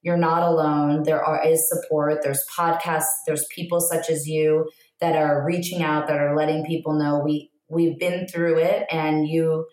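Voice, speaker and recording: A woman who works as an empowerment coach, speaking as a podcast guest in a reflective, soft-spoken way. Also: sits low, flat delivery, unhurried, echoey room, poor audio. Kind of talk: candid podcast conversation.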